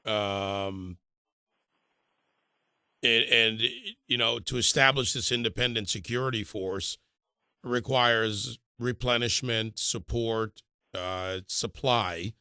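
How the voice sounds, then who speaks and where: A man's voice: fairly low pitch, bright, forceful tone, no room sound, studio quality. A man hosting a radio talk show, asking blunt, pressing questions. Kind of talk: radio interview.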